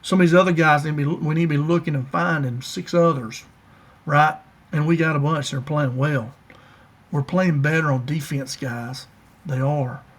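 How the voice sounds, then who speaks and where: A man's voice: on the high side, fairly even intonation, normal speed. Folksy enthusiastic man. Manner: folksy, enthusiastic, talks to viewers directly. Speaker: college football fan commentator. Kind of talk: casual sports breakdown.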